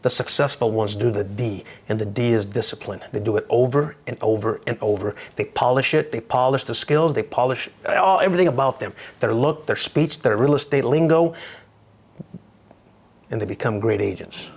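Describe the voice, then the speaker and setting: An American man lectures on real estate with punchy, upbeat energy, talking straight to his students and repeating key phrases to drive them home. His voice sits at an ordinary male pitch, at normal speed, with a breathy edge.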